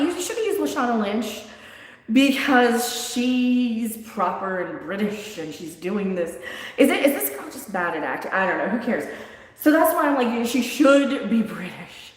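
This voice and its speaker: Animated woman in an echoey room. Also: mid-range voice. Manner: animated, laughing, rambling with restarts. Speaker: streamer reviewing a show. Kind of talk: casual live-stream chat. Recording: very echoey room with long reverb.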